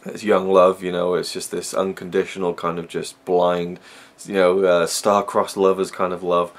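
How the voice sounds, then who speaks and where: A man's voice: low-pitched, completely flat delivery, moderate pace. A man giving a casual, rambling film review, full of fillers and restarts.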